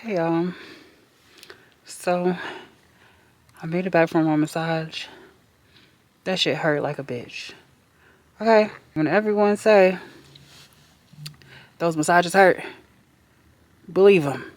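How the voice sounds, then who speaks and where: A woman's voice: lowish voice, slow pace, long pauses, no echo. Blunt young woman vlogging candidly. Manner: candid, blunt, swears freely. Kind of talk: casual vlog diary. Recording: background noise.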